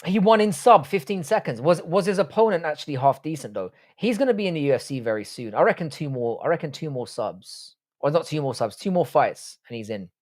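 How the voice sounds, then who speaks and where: A young man who grew up in the UK, hosting a live stream and reading out viewer comments in blunt, sweary casual chat. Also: medium pitch. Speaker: livestream host.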